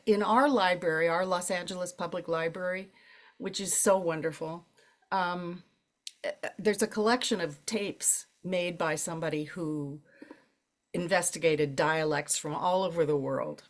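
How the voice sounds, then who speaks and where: Interviewed at a library event, an older woman who narrates audiobooks tells her stories in an unhurried, conversational way. Laughter comes often, and she springs high in pitch for emphasis.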